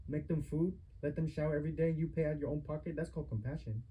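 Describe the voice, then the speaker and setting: A man's voice: on the high side, steady tone, quick pace, dark tone, slightly rough, poor audio. A man, an adult son, confronting his mother in a heated family argument recorded on a phone, lecturing her with repeated rhetorical questions.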